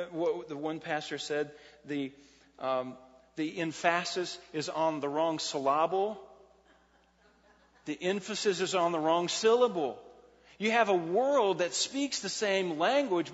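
High-voiced pastor preaching in a hall. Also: male voice. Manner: conversational preaching, repeats words, reads scripture aloud. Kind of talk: sermon. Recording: lo-fi with long reverb in a hall.

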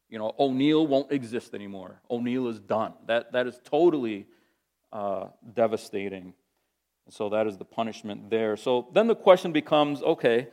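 A male pastor teaches through a Bible passage in an unhurried, conversational sermon. His voice sits at an ordinary middle pitch, and he stops often to rephrase and restart his thoughts. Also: darkish tone.

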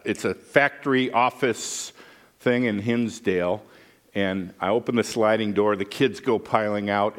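A middle-aged male pastor preaching a sermon in a folksy, conversational way, telling stories and checking in with his listeners. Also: on the low side. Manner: folksy, conversational, with frequent "right?" asides. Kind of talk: sermon with storytelling.

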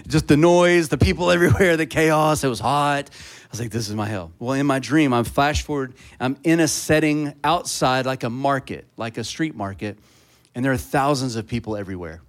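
A man preaching a sermon, telling a personal story in a casual, conversational way that builds to loud, fervent preaching. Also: mid-range voice, moderate pace. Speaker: pastor.

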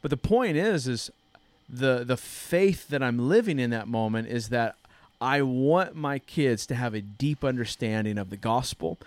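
A man's voice: mid-range voice, expressive, a little slow, few pauses, no room sound. A man in his thirties hosting a church podcast, telling a story in a casual, earnest way. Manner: earnest storytelling, frequent restarts. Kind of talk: casual chat.

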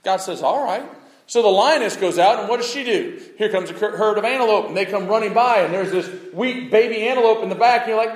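Animated preacher man, high lively voice. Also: a little fast, roomy sound, rough recording. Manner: animated, acts out voices, swings from loud to hushed. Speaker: pastor. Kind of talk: sermon.

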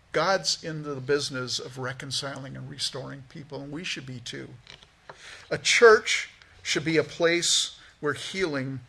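Man, pastor, sermon in church, casual asides, gravelly, husky voice. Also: a little high. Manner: conversational, animated preaching with asides. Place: church sanctuary.

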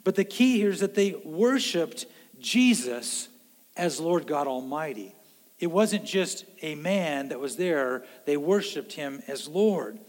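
A man preaching a sermon in an earnest way, swinging between loud emphasis and hushed low lines. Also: expressive, slow pace, in a large hall. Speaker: pastor.

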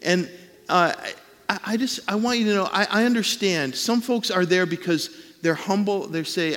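Conversational pastor in a reverberant hall. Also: male voice, sits high, unhurried, a bit bright. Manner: conversational, acts out quoted voices. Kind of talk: sermon.

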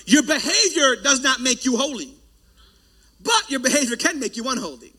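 A man preaching a sermon as pastor, loud and forceful, breaking off for joking asides to the congregation. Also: very high-pitched, big pitch swings, moderate pace, slightly rough.

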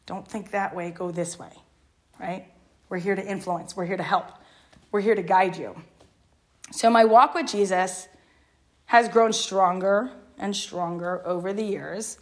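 A woman's voice: medium pitch, steady tone, a little slow, long pauses. A middle-aged woman youth leader sharing her personal story with a youth group in an earnest, emotional way, often asking "right?". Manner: earnest, tags lines with "right?"; emotional, near tears at times.

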